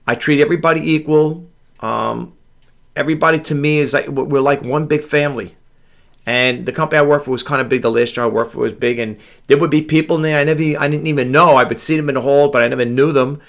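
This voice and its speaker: A middle-aged man from New York talks late at night in his home, tired and rambling. His voice has a gravelly edge, and he repeats words as he drifts from one story to the next. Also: a little high, fairly even intonation, fast talker, fairly bright tone. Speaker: online reseller vlogger. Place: home room with a grandfather clock.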